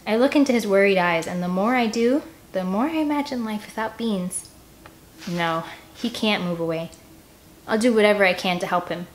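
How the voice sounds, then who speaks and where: A woman reading a children's novel aloud in first person, gentle and expressive. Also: mid-range voice, moderate pace, a little hiss or hum. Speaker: audiobook reader. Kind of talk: first-person storybook narration.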